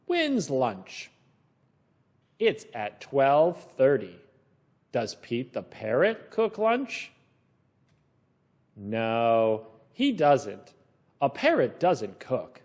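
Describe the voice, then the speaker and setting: A man's voice: mid-range voice, huge pitch swings, drawn-out words, pauses often, darkish tone. A male teacher leading a children's reading lesson, reading a storybook aloud and asking encouraging questions.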